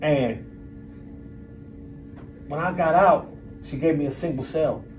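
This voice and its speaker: A man's voice: a little high, slow, a little mellow. A middle-aged man giving a candid, blunt talk to an audience as a guest speaker, streetwise and emphatic, with coarse language. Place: university lecture room. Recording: voice picked up from a distance.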